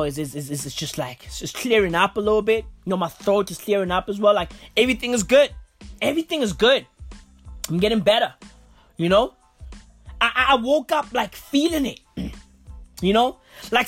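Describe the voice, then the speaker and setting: A woman hosting a podcast from a recording booth, with a stuffy, blocked nose, ranting in a profane, rambling, slangy way. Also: mid-range voice. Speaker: podcast host. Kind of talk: comedic rant.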